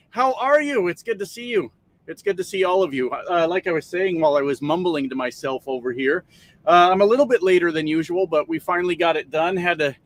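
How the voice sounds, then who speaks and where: A man's voice: high-pitched, fairly bright tone. A man hosting a casual livestream from his parked truck cab, rambling, swearing and greeting viewers by name. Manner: profane, rambling, reads out chat names.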